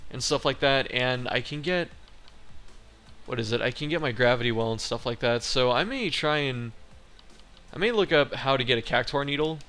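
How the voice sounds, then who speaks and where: A man's voice: mid-range voice, sharp tone. A man giving casual gameplay commentary as a let's play host, chatty and profane, humming to himself while he fights. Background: game music.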